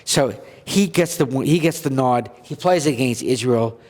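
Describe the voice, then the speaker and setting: A man's voice: medium pitch, moderate pace, darkish tone. A man from Canada tells his playing story in an earnest, heartfelt way. His voice rings out with a long reverb tail, as if he is in a big hall. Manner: earnest, heartfelt, reads a list of names aloud. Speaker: podcast guest, former goaltender. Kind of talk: emotional storytelling.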